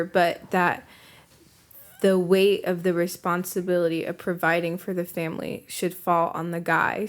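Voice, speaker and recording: A young woman co-hosting a podcast in casual chat, calm and thoughtful as she puts questions and reads out comments. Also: on the low side. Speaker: podcast co-host.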